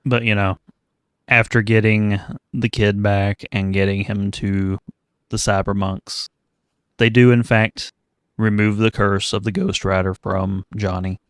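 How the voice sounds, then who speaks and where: A man co-hosting a casual podcast, walking through a film's plot in measured, deliberate steps. His voice is smooth and low, and his pitch barely moves. The sound is dry and close. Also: flat delivery, no room sound. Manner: measured, deliberate plot recap, some swearing. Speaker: podcast co-host. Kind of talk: casual chat, recapping a film.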